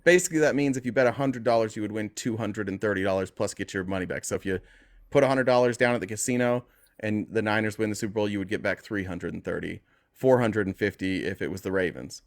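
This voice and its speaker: Speaking fast in a fairly low voice, a man runs a call-in podcast and keeps things casual with his callers, ribbing them and laughing a lot.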